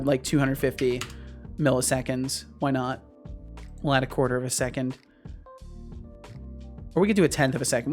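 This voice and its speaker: A man streaming live as he codes, thinking aloud and often repeating and restarting his phrases. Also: medium pitch. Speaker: streamer and game developer.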